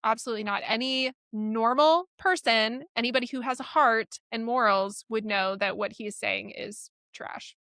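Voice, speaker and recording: A woman's voice: a little high, a little slow, few pauses, pushed and bright, no room sound. A woman co-hosting a podcast, talking bluntly and with indignant emphasis in casual chat. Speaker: podcast co-host.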